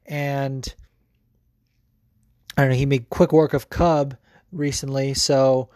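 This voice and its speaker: A man's voice: mid-range voice, level tone, slow, darkish tone, dry recording, clean studio sound. A young man hosting a podcast, giving casual, profane sports commentary full of fillers. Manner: loose and profane, lots of fillers. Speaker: podcast host.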